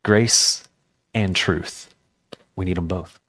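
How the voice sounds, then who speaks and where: A man's voice: low voice, takes it slowly, bright, forceful tone. A male pastor preaching a sermon, earnest and impassioned, telling personal stories. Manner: storytelling with personal anecdotes. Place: church.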